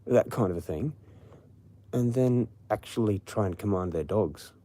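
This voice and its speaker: Brief: Australian man, livestream host, low mellow voice, rambling profane rant. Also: normal speed. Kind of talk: late-night casual rant.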